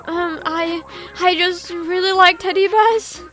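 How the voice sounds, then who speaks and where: A woman's voice: very high voice, steady tone, slow pace, fairly bright tone, faint music behind, heavily acted. A woman voicing a frightened fifteen-year-old boy who stammers and pleads, reading game dialogue aloud. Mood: pleading.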